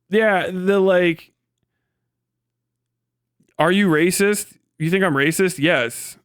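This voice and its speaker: A man's voice: mid-range voice, fairly bright tone, smooth, dry recording, clean studio sound. A young man hosting a livestream, ranting in a casual, profane and mocking way and laughing often. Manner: profane, mocking, laughs often, jumps into silly mimicking voices. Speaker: livestream host.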